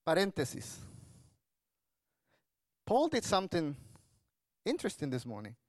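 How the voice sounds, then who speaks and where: High-voiced pastor preaching a sermon. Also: male voice, wildly swooping pitch, a little slow, no echo.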